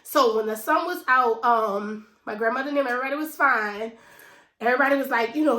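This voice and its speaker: A finance vlogger in her thirties from New Orleans, USA, tells her viewers a personal story in an emotional, conversational way, her New Orleans accent clear. Her high voice is bright and pushed, and she speaks fairly quickly. The room sounds echoey.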